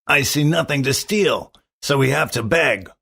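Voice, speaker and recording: A sly, pushy teenage beggar boy from a storybook, as a man reading aloud puts him on, who wheedles and orders others about. His voice swings up and down a great deal, and he talks at an unhurried pace. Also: mid-range voice, lively intonation, creaky, pushed and bright, husky, pitched above the performer's own voice, heavily acted. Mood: coaxing.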